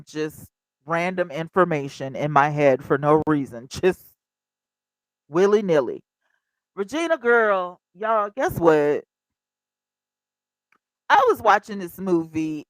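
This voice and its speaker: A woman in her fifties hosting a casual livestream, chatty and animated, talking straight to her viewers. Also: low voice, dry recording, low-quality recording. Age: 50s. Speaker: livestream host.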